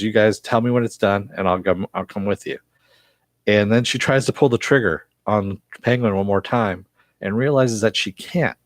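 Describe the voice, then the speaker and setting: A man's voice: fairly low pitch, no room sound. A man casually recapping and reviewing a TV episode, rambling with many fillers. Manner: rambling, filler-heavy retelling.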